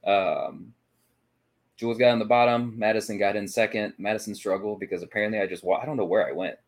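A man's voice: on the low side, steady tone, fast talker. A man co-hosting a paranormal podcast, casually recapping a ghost-hunting night, rambling with frequent restarts. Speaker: paranormal investigation podcast co-host.

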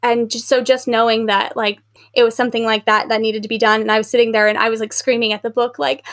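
Chatty, animated woman podcast host. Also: on the high side, quick pace. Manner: chatty, filler-heavy, animated retelling with acted quotes. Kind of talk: casual book discussion.

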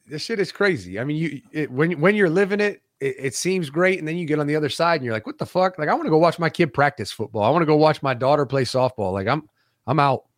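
A man's voice: a little high, fast, dry recording. A man in his thirties, a former coach, talking bluntly and with plenty of swearing as a guest on a streamed chat. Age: 30s. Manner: blunt, profane, dry.

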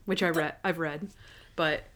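A woman's voice: steady tone, a little slow, a bit bright. Chatty young woman co-hosting a podcast. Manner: chatty, lots of "like", acts out scenes in high voices. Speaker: podcast co-host. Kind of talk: casual chat.

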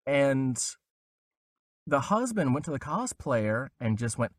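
A young man tells a lively story as a podcast guest. His pitch swings widely as he puts on the voices of the people he quotes. The sound is dry and close, with no room around it. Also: moderate pace, no room sound. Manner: animated, acts out quoted voices with big pitch jumps. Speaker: voice actor guest. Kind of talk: casual storytelling interview.

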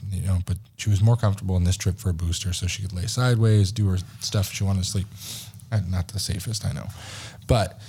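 A podcast host in his thirties tells a story in casual chat, animated and profane, acting out the dialogue. His voice sits low and sounds husky.

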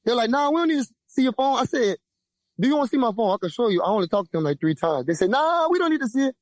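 A young man from Louisiana with a Louisiana accent, telling a profane, lively story as a podcast guest and acting out the voices of the people in it. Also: racing, no echo. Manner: lively, profane, acts out quoted voices with big pitch jumps. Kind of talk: animated storytelling.

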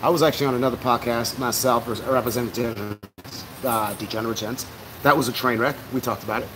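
A man's voice: mid-range voice, steady tone, quick pace, noisy background. A man co-hosting a podcast, rambling through casual talk with restarts and laughs. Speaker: podcast co-host. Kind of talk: casual chat.

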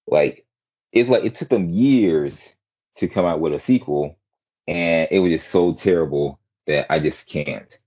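A man's voice: sits low, unhurried, darkish tone, muffled recording. A man hosting a podcast in casual chat, rambling with lots of fillers and restarts over an online call. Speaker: podcast host.

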